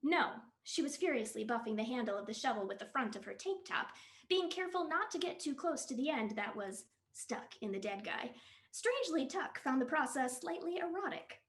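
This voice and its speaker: A woman reading a comic novel aloud for the library, in an expressive, animated storytelling style. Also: high-pitched, a little fast. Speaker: library staff reader. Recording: roomy echo.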